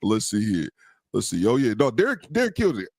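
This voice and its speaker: Fast-talking man hosting a livestream. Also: on the low side, wildly swooping pitch, gravelly, husky, no room sound. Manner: quick, blunt, shout-outs to viewers. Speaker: livestream host. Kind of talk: casual live chat reading super chats.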